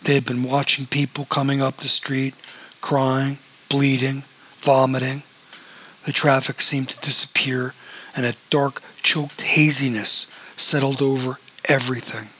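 A man narrating a novel as an audiobook, in a steady storytelling manner. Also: mid-range voice, measured pace, husky, poor audio.

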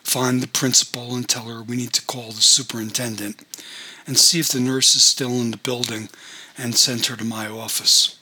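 A man reading the lines of a calm, businesslike male school administrator who takes charge. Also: medium pitch, normal speed, slightly rough.

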